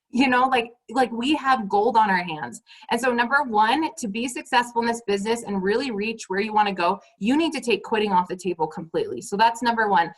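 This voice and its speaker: A woman's voice: on the high side, poor audio. A woman leading her sales team on a motivational call. She talks emphatically, repeats her points and keeps turning to the listeners as "you guys".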